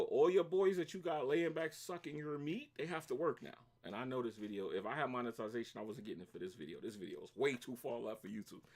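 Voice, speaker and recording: A middle-aged man with a Brooklyn accent, casually telling a story to his stream viewers and acting out each side of an argument. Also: medium pitch. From New York. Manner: animated, acts out both sides of arguments, shouts when reliving anger. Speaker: livestream host.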